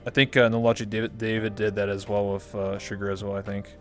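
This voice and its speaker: A man's voice: lowish voice, flat delivery, fast, soft background music. A man hosting a livestream, chatting casually in a rambling, jokey way. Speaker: livestream host. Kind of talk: casual chat.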